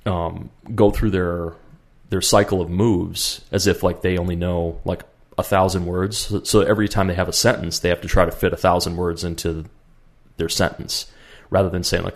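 A man with a very low voice rambles through a casual podcast chat. He circles back on himself, stacks up fillers and restarts, and talks through his points at an easy pace. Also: flat delivery, moderate pace. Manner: rambling, many fillers and restarts, acts out quotes. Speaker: podcast co-host.

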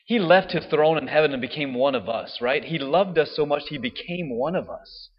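A man's voice: a little high, expressive, moderate pace, breathy edge. A man giving a casual homily, chatting with the congregation and often adding "right?" to his points. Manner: conversational, frequent "right?" tag questions. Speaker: priest. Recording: dull sound with long hall reverb.

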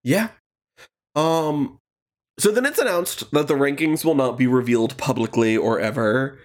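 A man's voice: medium pitch, a little slow. Chatty male podcast co-host. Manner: chatty, laughs often, says "um" and "like" a lot. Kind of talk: casual chat recapping a reality show.

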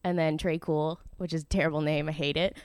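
Casting: woman, smooth clear voice, close dry mic, easygoing chatter, quick to laugh. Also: sits low, little pitch movement, darkish tone, no echo. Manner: chatty, laughs often, trails off with fillers. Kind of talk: casual chat.

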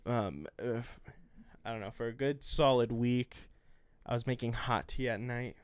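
A man's voice: mid-range voice, fairly even intonation, normal speed, smooth, no room sound. A young man co-hosting a podcast in casual chat, rambling and joking crudely with lots of fillers. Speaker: podcast co-host. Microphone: studio mic.

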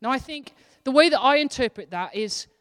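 Animated and fairly quick, a high-voiced associate pastor from Wales delivers a sermon in a church hall whose long reverb fills the recording. She speaks in a casual, earnest, conversational style as her intensity ebbs and swells.

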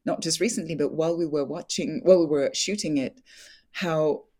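A young woman with a low voice chats candidly as an interview guest. She laughs often, pads her talk with fillers and restarts her sentences, relaxed and open. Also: brisk.

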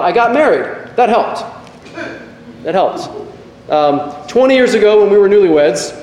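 High-voiced man preaching in an echoey church hall. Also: darkish tone, a little hiss or hum. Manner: earnest, self-deprecating storytelling. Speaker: pastor. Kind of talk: sermon. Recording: echoey hall with long reverb.

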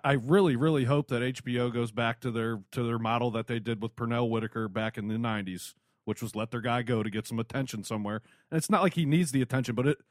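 A man's voice: mid-range voice, no room sound, clean studio sound. A man co-hosting a casual boxing podcast, blunt and opinionated, who often restarts his sentences. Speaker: podcast co-host.

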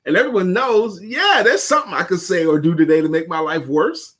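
A man's voice: sits high, moderate pace, fairly bright tone. A man co-hosting a casual morning talk show, upbeat and chanting phrases for emphasis. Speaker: co-host.

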